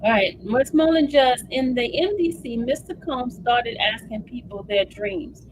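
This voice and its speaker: A woman's voice: on the high side, unhurried, noisy background. A woman hosting a livestream, giving emotional live commentary and reading updates aloud to viewers. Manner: animated, emotional, addresses viewers as y'all. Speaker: livestream host.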